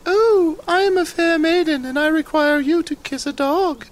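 A man putting on a shrill falsetto to voice a silly, coy young fair maiden in improvised tabletop role-play. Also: moderate pace.

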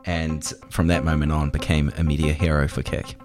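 Deep-voiced man telling stories. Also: little pitch movement, a little fast, music in the background. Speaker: interview guest, co-founder. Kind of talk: relaxed storytelling.

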